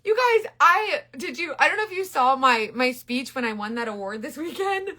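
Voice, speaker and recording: A middle-aged woman with a fairly high voice talks through a makeup demo in a bubbly, chatty way. She rambles with restarts and breaks off to greet viewers by name, like a casual live stream. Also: expressive, brisk, sharp tone.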